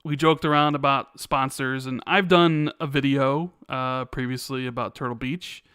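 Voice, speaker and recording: Casting: male podcast co-host, smooth resonant voice, stumbles over words, chuckles. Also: mid-range voice, steady tone, moderate pace, fairly bright tone, no echo, clean studio sound. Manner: stammers, repeats words, chuckles. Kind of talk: casual podcast chat, reading viewer chat.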